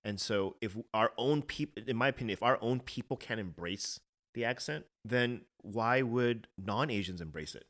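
A man with an ordinary mid-range voice talks through his view in a relaxed, conversational podcast chat. He is earnest and insistent, and he often stumbles over and repeats words as he gets going. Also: mid-range voice, moderate pace. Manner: earnest, repeats words when starting a thought. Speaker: podcast co-host. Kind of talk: casual opinionated discussion.

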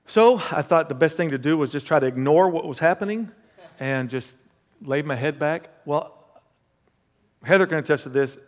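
A man's voice: fairly high pitch, normal speed. Man preaching, hall reverb. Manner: animated storyteller, swings between loud bursts and hushed asides. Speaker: pastor. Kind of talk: sermon with personal storytelling.

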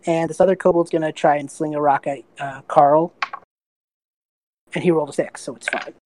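A woman's voice: sits low, steady tone, a little fast, mellow, a little hiss or hum. A woman running a tabletop game as game master, narrating playfully with giggles and lots of fillers.

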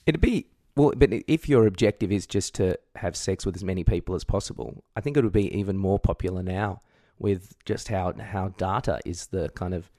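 Male podcast co-host, lowish voice, stop-start delivery, dry close recording. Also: mellow, no room sound. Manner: halting, many restarts and fillers, chuckles. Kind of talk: casual chat.

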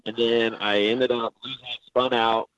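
A man's voice: mid-range voice, level tone, a little slow, highs cut off, background noise. A man who races rally cars, telling stories in a rambling, self-deprecating way during a casual interview. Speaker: rally driver.

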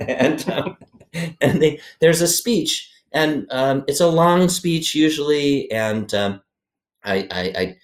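A middle-aged man with a fairly low voice talks through his podcast answers at an easy conversational pace. He rambles, restarts his sentences often and fills gaps with ums. His humor is self-deprecating. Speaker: interviewee, former organization president.

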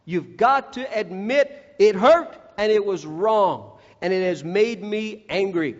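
A man's voice: sits high, animated, slow. A man preaching a sermon, earnest and direct, who acts out the voices he quotes. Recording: echoey hall, dull lo-fi sound.

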